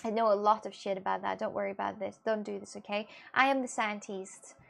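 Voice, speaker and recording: A woman's voice: mid-range voice, steady tone, fairly quick, creaky, fairly bright tone. A woman streaming live, chatting playfully with her viewers and teasing them with mock-serious claims. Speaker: streamer reading chat. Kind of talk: casual live-stream chat.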